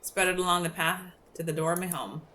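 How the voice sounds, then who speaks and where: Woman doing a Scottish lighthouse keeper, old man, gruff, suspicious, grumbling, low voice. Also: fast talker, bright, forceful tone, a little hiss or hum. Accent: put-on Scottish. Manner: grumbling, shooing strangers off.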